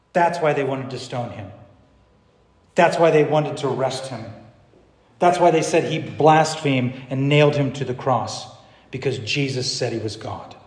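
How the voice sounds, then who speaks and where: A man pastor preaching a sermon, swinging from hushed, low passages to loud, emphatic declarations. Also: measured pace, echoey room, in a large hall.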